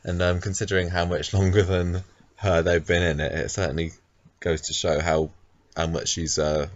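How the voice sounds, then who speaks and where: A man's voice: low voice, level tone, moderate pace, no room sound, lo-fi sound. A man co-hosting a casual podcast, talking about a soap character with lots of ums and restarts. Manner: hesitant, many ums and restarts. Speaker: podcast co-host.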